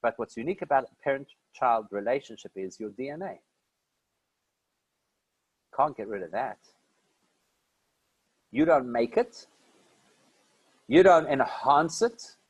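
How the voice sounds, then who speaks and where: A man's voice: a little high, darkish tone, husky, no room sound, low-quality recording. A man from South Africa giving a conversational Torah lesson, posing questions and answering them himself. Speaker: rabbi teaching a class. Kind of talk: Torah lecture.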